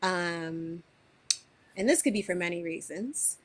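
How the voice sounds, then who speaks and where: A woman speaks slowly and unhurriedly, with a somewhat low voice. As a wellness teacher she gives a spiritual forecast in an earnest, reflective way, often pausing to gather her thoughts. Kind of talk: unscripted spiritual talk to camera.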